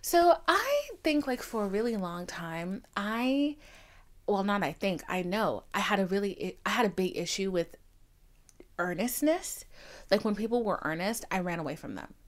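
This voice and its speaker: A woman in her twenties with a Haitian family background hosts a podcast in a mid-range voice at normal speed. Speaking casually and candidly, she swears often and acts out the people she quotes in this confessional monologue.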